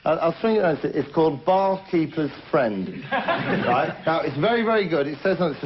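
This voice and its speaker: A man's voice: on the high side, lively intonation, a little fast. Cheeky male comic host, rambling monologue; dull, hissy vintage TV audio. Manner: cheeky, rambling, tall tales with asides to the audience. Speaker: comedy show host. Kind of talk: stand-up monologue in character. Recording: muffled old TV recording with hiss.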